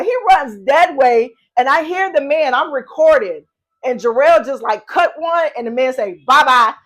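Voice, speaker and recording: A middle-aged woman hosting a podcast, chatting casually and telling stories with animated voices for the people she quotes. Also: high voice. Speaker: podcast host and mother. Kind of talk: casual storytelling chat.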